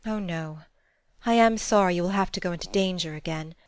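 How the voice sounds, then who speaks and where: A woman's voice: fairly low pitch, a little fast, smooth, no echo, natural voice. A woman reading the part of a proud, romantic young Bulgarian lady in an audiobook drama, haughty and scornful.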